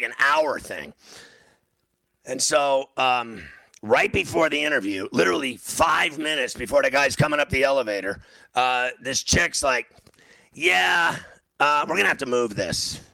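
On a rough recording without room sound, a man with a gravelly, medium-pitched voice hosts a sports radio show. He drags out a long story, stammering and starting over repeatedly, and raises his volume when imitating himself yelling.

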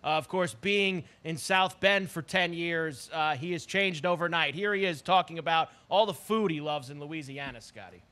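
A man's voice: fairly high pitch, normal speed, hardly any pauses, pushed and bright. A man hosting a sports talk show, emphatic and opinionated, repeating phrases for effect.

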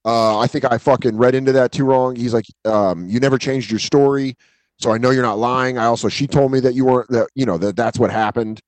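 A man's voice: medium pitch, steady tone, a little fast, no echo. A man co-hosting a podcast, telling stories in casual chat, swearing freely and acting out quotes in shifting voices. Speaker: podcast co-host.

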